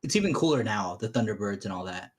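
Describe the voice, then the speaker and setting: A man's voice: lowish voice, animated, quick pace, breathy edge. A man chatting casually on a watch-along voice call, rambling through stories and laughing often. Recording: voice chat call.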